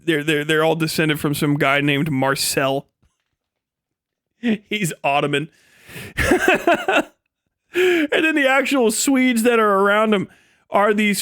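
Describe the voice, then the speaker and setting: A man's voice: high-pitched, a bit bright, clear, resonant tone, no echo, clean studio sound. A male streamer on a rambling, profane comedic rant, often breaking into laughter.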